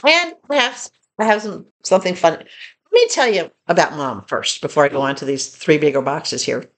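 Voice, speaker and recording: A woman's voice: low voice, lively intonation, moderate pace, a bit bright. Chatty woman telling stories. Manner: chatty storyteller, talks to her dog. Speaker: vlogger. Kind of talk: casual haul video chat.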